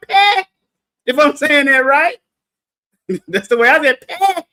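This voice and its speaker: A man runs a livestreamed Bible study with playful, animated energy, suddenly shouting for emphasis and calling on his listeners. His voice is extremely high and his pace is slow.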